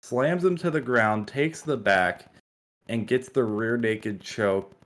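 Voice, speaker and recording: A man's voice: medium pitch, slow pace, a bit bright. A man co-hosting a casual MMA podcast, recounting fights animatedly and swearing. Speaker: podcast co-host.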